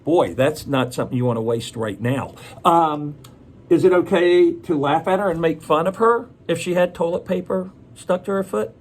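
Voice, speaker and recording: A man with a slightly high voice reads a picture book to a group of children. He keeps it chatty, stopping to ask them questions and answer them. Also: normal speed.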